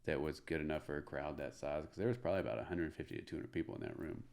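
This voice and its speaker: Casual deep gravelly guy from middle tennessee, tells stories with lots of "like"s. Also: very fast. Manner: animated, filler-heavy storytelling. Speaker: comedian guest. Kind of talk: casual storytelling.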